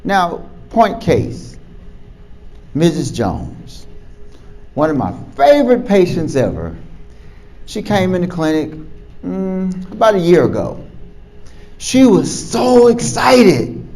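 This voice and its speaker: Lively, animated male doctor telling a story. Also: high voice, slow pace, pauses often, rough recording. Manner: animated, chuckles often, repeats words as he talks. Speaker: physician. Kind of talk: storytelling monologue to camera.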